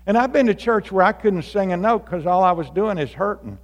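A man preaching a lively sermon as pastor in church, animated and building to fired-up shouts. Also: high voice, brisk, dull audio. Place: church sanctuary. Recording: long reverb of a large hall.

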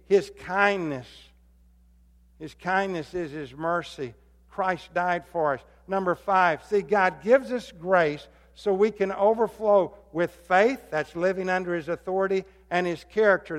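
A man preaching a sermon as pastor, swinging between loud emphatic calls and low hushed appeals. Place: church sanctuary. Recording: long hall reverb.

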